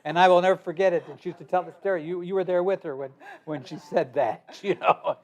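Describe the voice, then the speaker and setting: Halting older man. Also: high-pitched, darkish tone, dull audio. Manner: halting, repeats words and restarts often. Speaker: author and guest. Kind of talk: casual conversational interview.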